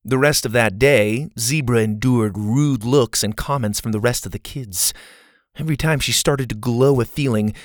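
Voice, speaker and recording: A man reading a children's story aloud in expressive, scripted narration. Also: on the low side, creaky, no room sound, studio quality. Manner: expressive, varied delivery.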